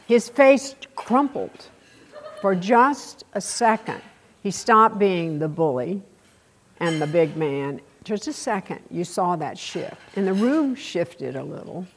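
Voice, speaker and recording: An older woman with a Texas accent giving a keynote speech, telling blunt, salty stories with dramatic pauses. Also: fairly low pitch. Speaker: keynote speaker.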